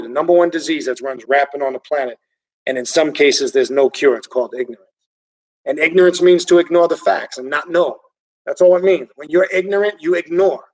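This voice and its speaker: A fired-up man on a livestream, reading comments and ranting with plenty of swearing. His voice sits somewhat high for a man and lands with a bit of distance, as if he is sitting back from the mic. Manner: excitable, animated and profane. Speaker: occult channel host reading viewer comments.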